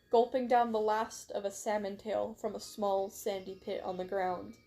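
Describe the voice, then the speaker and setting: A woman with a medium-pitched, dark voice casually reads her own story aloud on a stream. She often stumbles and corrects herself, adding little asides.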